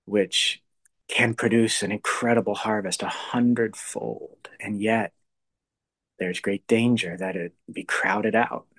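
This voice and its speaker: A man with a somewhat low voice talks through a faith topic in an unscripted, reflective way. He pauses, restarts and sometimes lets his voice sink almost to a whisper. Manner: thoughtful, halting, often trails to a soft hush. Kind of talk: casual spoken reflection on faith.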